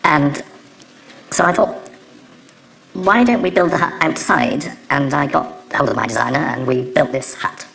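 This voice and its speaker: A man's voice: a little high, moderate pace, gravelly, pauses often, sharp tone, a little hiss or hum, poor audio. A man, a TV director, recalling in a plain, matter-of-fact way in an interview. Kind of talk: interview recollection.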